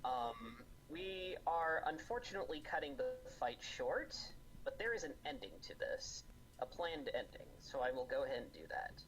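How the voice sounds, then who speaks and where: A man's voice: mid-range voice, very animated, a bit bright, low-quality recording. A man running a tabletop game as game master, narrating scenes and calling rolls with frequent ums and restarts. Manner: unhurried, full of ums and restarts. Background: faint background music.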